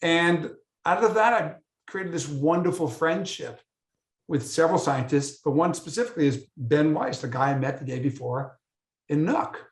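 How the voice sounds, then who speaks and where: A man's voice: fairly high pitch, normal speed. An American man, a guest photographer, telling stories in a casual interview and acting out the dialogue. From United States. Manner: animated storyteller, acts out dialogue. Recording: roomy echo.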